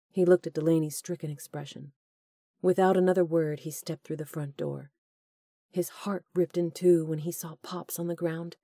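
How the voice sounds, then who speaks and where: Low-voiced woman narrating an audiobook. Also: warm tone, dry recording, studio quality. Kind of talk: scripted narration.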